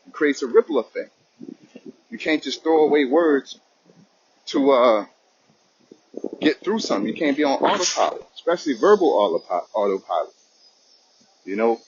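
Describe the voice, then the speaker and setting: A man's voice: medium pitch, sing-song, moderate pace, long pauses, muffled recording, a little hiss or hum. A man giving an informal spoken religious lesson, talking conversationally and often asking "you know what I'm saying".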